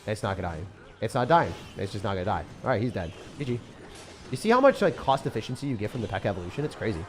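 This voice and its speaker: A man's voice: lowish voice, very animated, racing, faint music behind. A young man giving casual, chatty gameplay commentary as a channel host. He talks in slang, jokes around and laughs often.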